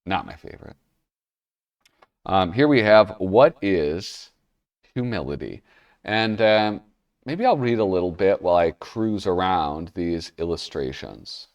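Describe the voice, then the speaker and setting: A man's voice: sits low, very animated, unhurried, recorded from a distance, lo-fi sound. A man casually commenting while flipping through an old comic magazine, rambling and cutting himself off mid-thought. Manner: rambling, self-interrupting, chuckling asides. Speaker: comic magazine reviewer, show host.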